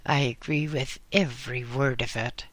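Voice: medium pitch, steady tone, moderate pace, fairly bright tone, no echo, close to an everyday voice. A reader voicing blunt woman Lotta. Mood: plain.

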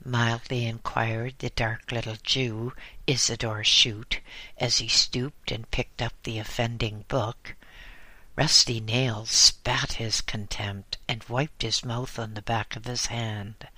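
A man narrates an audiobook in a measured, even storytelling style. His voice is mid-range and there's no room sound.

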